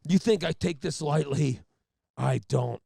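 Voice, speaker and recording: A man doing a booming, grandstanding old state trooper. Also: vocal fry, slightly rough, no room sound, clean studio sound, full character voice. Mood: stern, grandstanding. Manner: loud, slow, with dramatic pauses. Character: stern veteran male state trooper, grandstanding.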